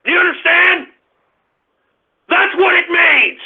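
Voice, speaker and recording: Ranting high-voiced man, tinny phone-line sound. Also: slow pace. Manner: angry, ranting, often shouting. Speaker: radio show host. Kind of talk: ranting radio monologue.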